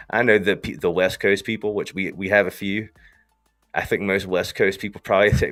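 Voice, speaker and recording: Deep-voiced man with a Southern US accent. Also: a little fast, faint music behind. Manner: rambling, slangy, animated. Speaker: host. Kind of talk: casual livestream talk.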